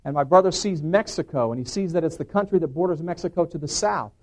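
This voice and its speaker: A middle-aged man with a slightly high voice tells his personal testimony to an audience. He talks like an earnest storyteller and acts out the voices of the people in his story. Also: fast talker, a little mellow. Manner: earnest storyteller who acts out the dialogue he quotes. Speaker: preacher giving a personal testimony.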